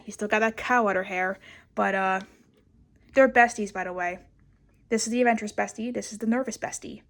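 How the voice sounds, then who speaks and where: A young woman giving a casual, rambling sketchbook tour, swearing a lot and mocking herself. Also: medium pitch. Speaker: vlogger.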